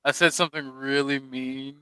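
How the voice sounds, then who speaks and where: Clear-voiced man, blunt and sheepish. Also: mid-range voice, steady tone, normal speed, bright, forceful tone, no room sound, rough recording. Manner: blunt, sheepish, laughing while confessing. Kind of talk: casual livestream chat.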